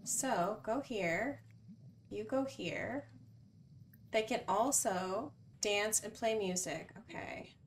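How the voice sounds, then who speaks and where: A woman's voice: medium pitch, slow pace, a little hiss or hum. A woman chatting through a life-sim game as a bubbly channel host, often correcting herself mid-sentence. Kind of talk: casual game commentary. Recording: voice distant from the mic, faint music.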